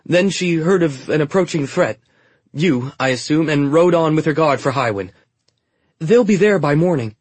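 A young handmaiden talks fast and high to cover a lie, as a man narrator puts her on. Her voice rises loud and strained, with a husky grain. The recording is dry and close. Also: lively intonation, no room sound. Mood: insistent. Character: young woman, quick-witted handmaiden, bold liar.

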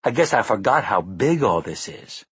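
A man's voice: fairly low pitch, very animated, normal speed, slightly rough, no echo, full character voice. A man voicing a serious, thoughtful young boy who speaks in an earnest, searching way.

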